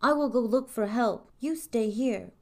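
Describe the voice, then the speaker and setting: A woman voicing a clever, scheming male cat who calls out loudly and frantically in a storybook reading. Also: fairly high pitch, unhurried. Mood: frantic. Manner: loud frantic calling out.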